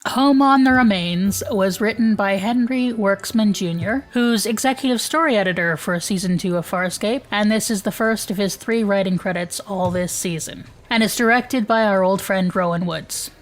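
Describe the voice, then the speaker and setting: A woman's voice: medium pitch, normal speed, few pauses. A woman co-hosting a podcast, chatting casually, laughing often and reading an episode summary. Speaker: podcast co-host.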